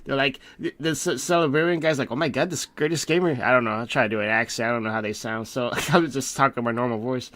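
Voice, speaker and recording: Joking man with a crisp, dry voice. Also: mid-range voice, quick pace, hardly any pauses, fairly bright tone, dry recording. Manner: joking, laughing, goofy. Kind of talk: casual chat.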